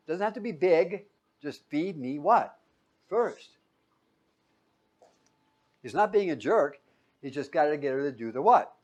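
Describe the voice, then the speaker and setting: Man preaching, loud then hushed. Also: sing-song, a little slow, long pauses. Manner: asks the room questions and answers them himself; swings between loud emphatic peaks and quiet low asides. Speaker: pastor. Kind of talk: sermon.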